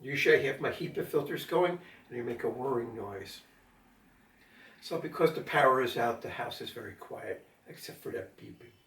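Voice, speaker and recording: Medium in pitch and a bit bright, an older man speaks at a normal speed in a casual home vlog during a power outage. His talk rambles, crowded with fillers and asides aimed at his cat, and the distant mic picks up plenty of room echo.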